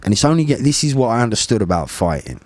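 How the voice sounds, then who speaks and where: A man in his forties telling a story in a casual podcast conversation, animated and blunt, with plenty of swearing. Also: mid-range voice, fast, no echo. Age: 40s. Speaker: podcast guest, former bare-knuckle fighter.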